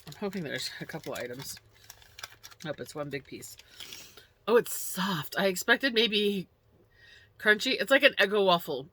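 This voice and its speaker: A woman in a relaxed snack taste-test vlog, chatting unhurriedly and murmuring between bites. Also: medium pitch, normal speed, long pauses, a little hiss or hum. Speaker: snack review vlogger.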